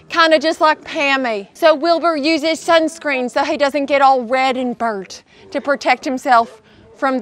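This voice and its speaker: High, unhurried cheerful woman outdoors. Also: a bit bright. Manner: cheerful, sing-song, addresses viewers as "y'all". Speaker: children's show host. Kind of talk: children's educational presenting. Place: outdoors at an animal sanctuary.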